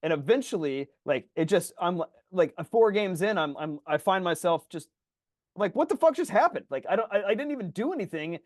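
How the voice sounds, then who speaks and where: A man co-hosting a podcast in casual chat, telling animated stories and swearing freely as he acts out his own frustrated yelling. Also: sits high, a little fast, no room sound, studio quality. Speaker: podcast co-host.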